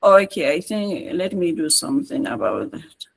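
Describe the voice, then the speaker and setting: This online tutorial comes through poor audio: a Nigerian English-accented trainer with a mid-range, sing-song voice and some vocal fry narrates every on-screen step at a moderate pace. The tone is coaxing and repetitive, with regular checks that learners are following along.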